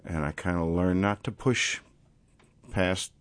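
A man musician talking casually in an interview, reflective and rambling, thinking out loud about his playing and singing. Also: sits low, slow pace, dry recording. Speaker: musician guest.

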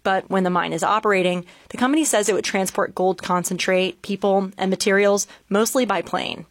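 A man reading a scripted radio news report in a measured, even way from a studio. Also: high voice, dry recording. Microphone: studio microphone.

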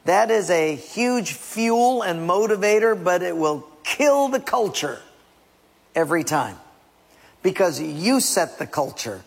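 A man preaching a sermon in an urgent, emphatic way, dropping to hushed asides and rising to loud exhortation. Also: sits high, big pitch swings, slow, gravelly, slightly rough. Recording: long reverb from a large hall.

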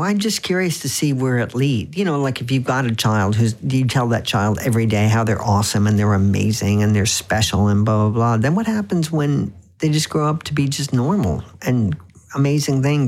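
A man's voice: medium pitch, a little mellow. A man being interviewed as an author on the radio, telling wry anecdotes with frequent restarts. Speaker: author guest.

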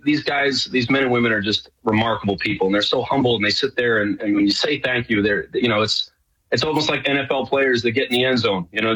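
Husky, forceful man from New York. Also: medium pitch, rough recording. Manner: chatty, rambling with many fillers. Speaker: guest, show host. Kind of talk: casual radio interview.

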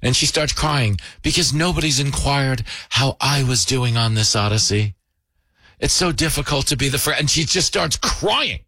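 Sarcastic man, gravelly, lively pitch. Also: moderate pace, no room sound. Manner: sarcastic, mocking. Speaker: comedy show host. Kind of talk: satirical comedy monologue.

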